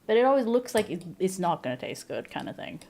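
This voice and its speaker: A woman streamer chatting casually at her home desk into a desk microphone, excitable, gushing thanks, laughing and swearing. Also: medium pitch, fast talker, creaky. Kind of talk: casual live-stream chat.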